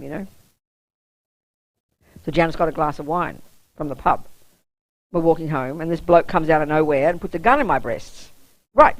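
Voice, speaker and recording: A woman's voice: lowish voice, no echo, rough recording. A woman who is a Buddhist nun giving a public dharma talk, telling a personal story bluntly and often checking that the audience understands.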